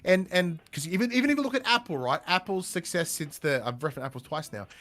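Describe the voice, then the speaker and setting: Animated high-voiced male podcast host. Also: fast talker. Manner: animated, emphatic, swears casually. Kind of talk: casual podcast chat.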